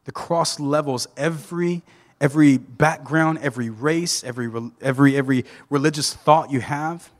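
Animated pastor in a reverberant hall. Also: male voice, fairly high pitch, moderate pace. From Southern United States. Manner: animated, joking storyteller with frequent restarts. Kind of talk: sermon. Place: church sanctuary.

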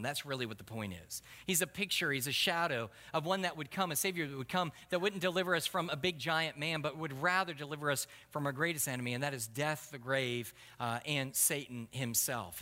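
A male pastor preaches in a relaxed, self-deprecating way from a church sanctuary. His voice is high and bright, and a long hall reverb trails each phrase. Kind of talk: sermon.

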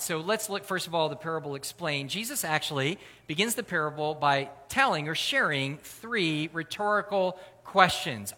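A man preaching a sermon in a relaxed, conversational way, with lively emphasis. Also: high-pitched. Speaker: pastor. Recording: long hall reverb.

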